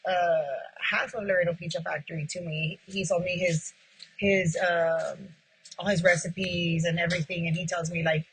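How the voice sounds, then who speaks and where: A woman's voice: on the low side, background noise. A woman who owns a pizzeria, telling her story in an interview and acting out past conversations, with many casual "like"s. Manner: retells past talks by acting out both sides, heavy with "like". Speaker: pizzeria owner.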